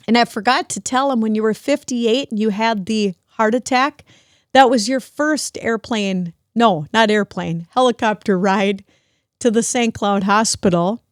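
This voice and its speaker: A middle-aged woman hosting a podcast, talking warmly and emotionally to her father, grateful and close to tears. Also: a little high, no echo. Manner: emotional, grateful, at times tearful. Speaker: podcast host. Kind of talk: heartfelt family conversation.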